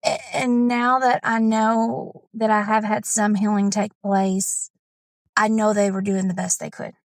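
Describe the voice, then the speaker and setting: A woman coaching client speaking candidly, emotional and animated. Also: medium pitch, a little slow, no room sound. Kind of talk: candid personal account.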